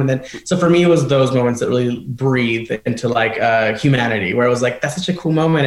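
A man co-hosting a casual chat, animated and quick to laugh, often mimicking voices. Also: mid-range voice, reverberant.

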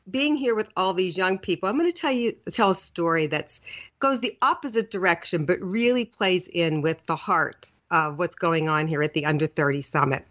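A middle-aged woman hosting a podcast, telling a lively personal story in a casual way, laughing now and then, recorded in a hotel room. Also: mid-range voice. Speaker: podcast host. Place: hotel room, seated on the floor. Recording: dull lo-fi recording.

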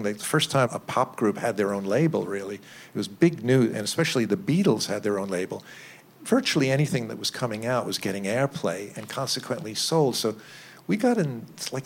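An older man, a record producer, telling lively anecdotes in an interview, acting out quotes and chuckling. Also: mid-range voice. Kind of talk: interview storytelling.

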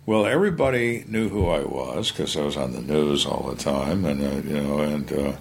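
An older man, a retired police lieutenant, telling his stories in conversation in a blunt, plainspoken way with halting restarts. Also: rumbling low, creaky, breathy edge. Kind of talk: storytelling in a conversation.

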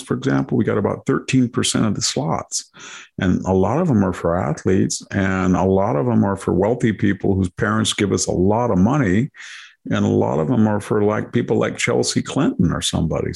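A man's voice: fairly low pitch, brisk, a little mellow. An older man hosting a political talk show, delivering sardonic commentary full of mocking rhetorical questions. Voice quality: gravelly, husky. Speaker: podcast host.

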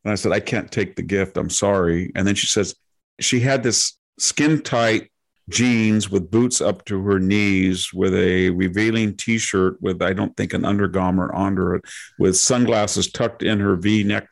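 A man with a low, gravelly voice full of fry, speaking as a guest in a relaxed interview. He wanders through long anecdotes and slips into voices to act out what people said. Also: a little slow. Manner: digressive anecdotes with acted-out quotes. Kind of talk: casual interview storytelling.

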